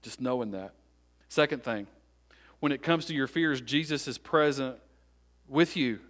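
A pastor, preaching a sermon. He builds repeated phrases up to loud peaks and then drops to quiet, slowed-down emphasis. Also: mid-range voice.

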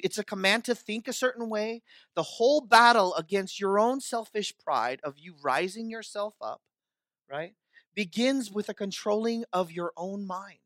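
Male pastor preaching, bright punchy voice, repeats stuff for emphasis, goes quiet then loud. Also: high voice, no echo. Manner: repeats key phrases for emphasis, swings from soft to loud. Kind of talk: sermon.

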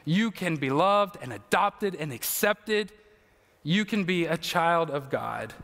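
A male pastor preaching an earnest, emotional sermon with slow, emphatic phrases. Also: a little high, animated, fairly bright tone, in a large hall.

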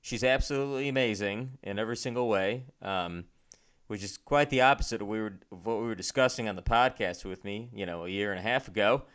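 A man's voice: lowish voice, brisk, a bit bright, clear, resonant tone. A young man co-hosting a podcast, chatting in a rambling, self-deprecating way with lots of fillers, recorded on a home studio microphone over a video call. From Chicago area. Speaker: podcast co-host. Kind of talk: casual chat.

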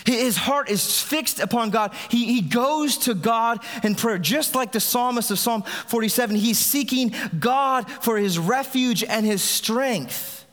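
A man's voice: extremely high pitch, unhurried, hardly any pauses, a bit bright. A man preaching a sermon as a pastor, in a conversational way with frequent restarts. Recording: long reverb of a large hall.

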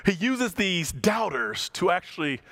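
A man preaching a sermon as pastor, animated, with big swings in pitch and loudness as he acts out the passages. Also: a little slow, creaky.

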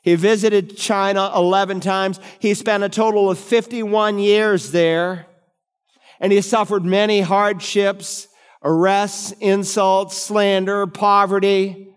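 A middle-aged male pastor preaching a sermon with emphatic rises on key words and deliberate slowing. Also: high voice, level tone, clear, resonant tone. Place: church sanctuary. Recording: long hall reverb.

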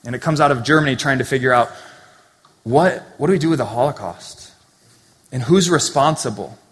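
A man's voice: medium pitch, brisk, a bit bright. Man preaching in a reverberant hall. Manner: conversational, earnest preaching with asides. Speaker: pastor. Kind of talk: sermon. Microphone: handheld or stand mic.

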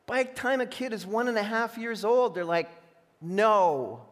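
A high-pitched male pastor delivers a sermon in a big hall with a long echo. He swings from emphatic, ringing points to hushed, needling asides. He voices the imagined whispers of temptation. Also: a little slow. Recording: long reverb of a large hall.

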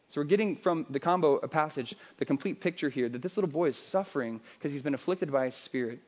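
A male pastor preaching a sermon in a conversational, animated storytelling way. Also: mid-range voice, fast talker, dull audio.

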